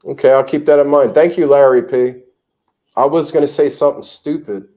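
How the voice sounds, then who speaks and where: A man from the United States hosting a casual livestream chat from home, blunt and animated, cursing freely as he tells stories. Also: mid-range voice, a little fast. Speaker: vlog host. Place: home in the tropics.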